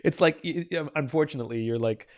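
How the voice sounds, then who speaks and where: A man's voice: fairly high pitch, quick pace, a little mellow. A man hosting an interview who asks playful, teasing questions and laughs often. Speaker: host. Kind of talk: conversational interview.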